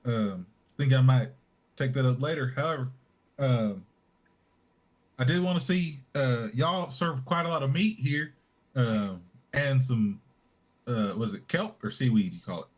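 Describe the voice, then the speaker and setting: A man's voice: medium pitch, unhurried, lightly acted. A man voicing a small adventurer who speaks with exaggerated politeness in a tabletop game. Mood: polite. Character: small shirtless male adventurer, mock-polite.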